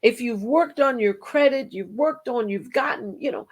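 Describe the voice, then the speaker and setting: A woman's voice: on the high side, slightly rough. A middle-aged woman hosting a devotional program, teaching earnestly and breaking into bits of song. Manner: slow, earnest, sings snatches of hymns. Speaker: host and Christian singer.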